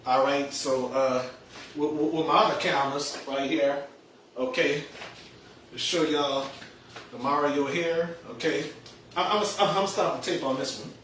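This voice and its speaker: A man's voice: fairly high pitch, unhurried, a bit bright, slight background noise. Stammering man on a home livestream. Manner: stammering, repeats words, chuckles often. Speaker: livestream host. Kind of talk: casual livestream chat. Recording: echoey room.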